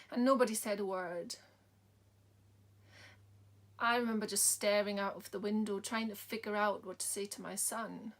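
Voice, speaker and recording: A woman, a bereaved mother, tells a personal story in a soft-spoken way, sometimes dropping to a whisper. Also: mid-range voice.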